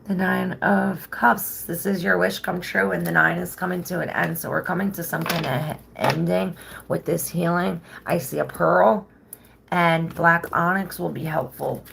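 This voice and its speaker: Gravelly low-voiced woman chatting. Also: fairly even intonation, unhurried, a bit bright, a little hiss or hum. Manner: loose, chatty, swears freely. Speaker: tarot reader. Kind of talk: casual tarot reading with storytelling.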